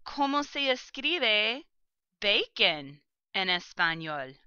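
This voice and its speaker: Slow, bright-voiced woman teaching vocabulary. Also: mid-range voice, very animated, smooth, dry recording, dull audio. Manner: slow, careful pronunciation of vocabulary. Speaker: language teacher. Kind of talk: recorded vocabulary lesson.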